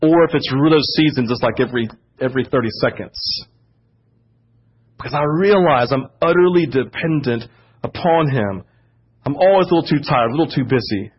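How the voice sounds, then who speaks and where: A man preaching a sermon as pastor, growing louder and higher when he gets fired up. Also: animated, moderate pace, husky. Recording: dull lo-fi church audio.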